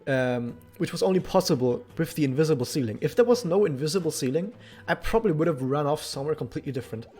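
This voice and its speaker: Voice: mid-range voice, expressive, fast talker, darkish tone, soft background music. A streamer chatting and joking casually while playing and reading through a game, often interrupting themself. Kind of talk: live game commentary and reading.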